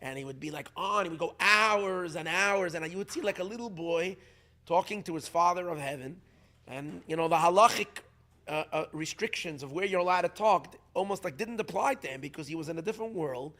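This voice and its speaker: A middle-aged man with a somewhat high voice gives an unscripted storytelling talk as a rabbi. His delivery is animated and emphatic. He often doubles back, repeating words as he builds a point. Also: brisk. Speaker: rabbi teaching at a community gathering.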